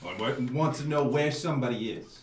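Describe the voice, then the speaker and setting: A man voicing a young male street tough with a put-on Italian American accent, gruff and full of swearing in a mob-movie drawl. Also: medium pitch, expressive, brisk, noisy background, pitched below the performer's own voice, close to an everyday voice. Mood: guarded. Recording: roomy sound from a distance.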